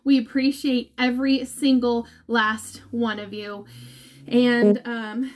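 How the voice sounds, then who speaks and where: A woman's voice: on the high side, flat delivery, slow pace, a little mellow. A woman giving a heartfelt, emotional vlog update to her followers from home, as a mother. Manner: heartfelt and emotional, talks of holding back tears. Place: at home indoors.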